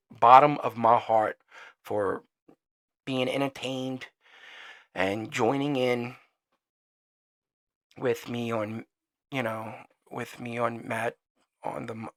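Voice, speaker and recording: Profane, rambling man ranting on a podcast. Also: medium pitch. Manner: trails off quieter when signing off. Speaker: podcast host. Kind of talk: solo opinion rant.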